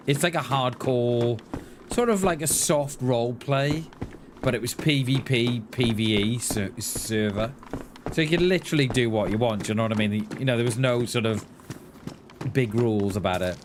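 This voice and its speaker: A man's voice: mid-range voice, moderate pace, noisy background. A man chatting casually on a live gaming stream, rambling and laughing at himself.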